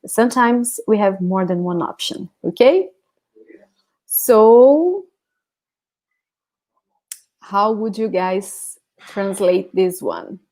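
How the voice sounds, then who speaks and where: A woman's voice: mid-range voice, lively intonation, extremely slow, pauses often, darkish tone. A Brazilian woman with an accent teaching a live online language class, patiently explaining and often checking in with "okay?". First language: Portuguese. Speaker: Portuguese teacher.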